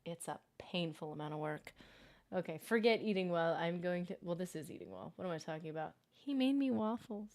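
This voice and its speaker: A young adult woman hosting a casual gaming livestream, chatty and excitable, reading chat aloud and reacting. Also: low-pitched, fairly quick. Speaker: livestream host.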